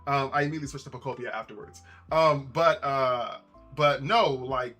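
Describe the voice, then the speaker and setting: A man's voice: mid-range voice, moderate pace, pushed and bright, soft background music. A man chatting casually on a live stream, rambling with lots of repeats and asides to his chat.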